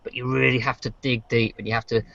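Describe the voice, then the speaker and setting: Man, rapid speech, rambling casual podcast chat, dull muffled sound. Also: medium pitch, little pitch movement, vocal fry, fairly bright tone, no echo. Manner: rambling, frequent fillers and restarts. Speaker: podcast co-host. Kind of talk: casual chat about racing games.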